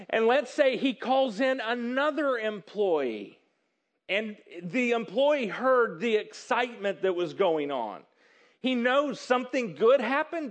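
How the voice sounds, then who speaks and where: A high-pitched male pastor delivering a sermon. He tells the story with animated energy, acting out characters and jumping into excited outbursts.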